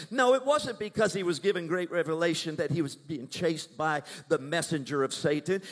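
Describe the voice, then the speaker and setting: Older preacher in a reverberant church. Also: male voice, high voice, expressive, moderate pace. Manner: swings from hushed asides to loud proclaiming, asks the crowd for agreement. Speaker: minister. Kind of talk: preaching to a congregation. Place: church sanctuary. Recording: long church hall reverb.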